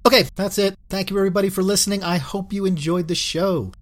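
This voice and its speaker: A man hosting a casual comic book podcast, chatty and earnest, often trailing off softly. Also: high voice, fairly even intonation, fast talker. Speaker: podcast host.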